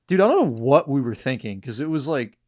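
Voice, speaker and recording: Young man from New Jersey, podcast host, mid-pitched voice, excitable, slangy storyteller. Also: brisk, no echo, studio quality. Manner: excitable, slangy, says dude and bro a lot.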